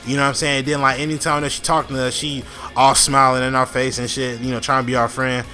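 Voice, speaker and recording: Bright-voiced young man telling a story. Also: medium pitch, level tone, fast, faint music behind. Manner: laid-back, slangy, full of fillers and restarts. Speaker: storytime vlogger. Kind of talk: casual storytelling.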